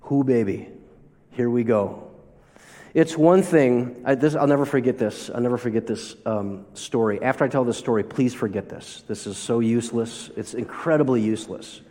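A man's voice: medium pitch, normal speed, mellow. Male pastor preaching in a reverberant hall. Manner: storytelling with rhetorical questions. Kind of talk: sermon. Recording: long reverb of a large hall.

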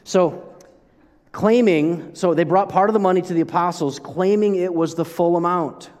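A man preaching a sermon as pastor, conversational and animated, often breaking off and restarting his sentences. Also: high voice, moderate pace, long reverb tail. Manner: conversational, animated, self-interrupting.

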